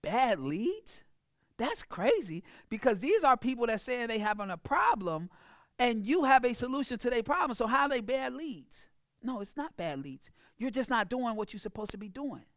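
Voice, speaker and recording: A woman business coach gives an emphatic, preachy motivational talk on sales, mimicking clients in a mocking voice. Her fairly high voice is sing-song and a bit bright at a moderate pace, recorded in studio quality with no room sound.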